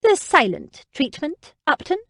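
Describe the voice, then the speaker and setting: A woman's voice: high voice, very animated, measured pace, fairly bright tone, dry recording, clean studio sound, pitched above the performer's own voice, exaggerated voice. A woman voicing a teasing young noblewoman in an audiobook, with a playful, mocking manner.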